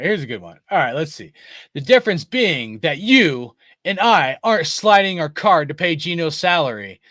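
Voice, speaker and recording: Profane rambling guy, bright and dry. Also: fairly high pitch, no room sound. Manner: profane, rambling, laughs often, says bro and dude. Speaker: sports fan show host. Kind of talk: casual rant to viewers.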